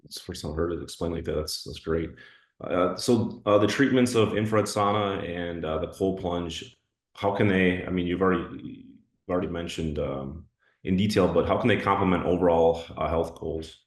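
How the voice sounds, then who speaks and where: A man's voice: sits low, moderate pace, echoey room. A man hosting a podcast who asks interview questions in a hesitant way, full of fillers. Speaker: podcast host.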